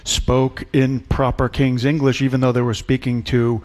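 A man's voice: medium pitch, little pitch movement, moderate pace, a little mellow. A man, a journalist and author, musing thoughtfully on a radio panel with frequent fillers.

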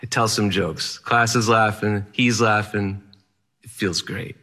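Male storyteller: low-ish, bright and forceful voice, vivid dramatic delivery. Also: steady tone, a little slow. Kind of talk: personal story told to an audience.

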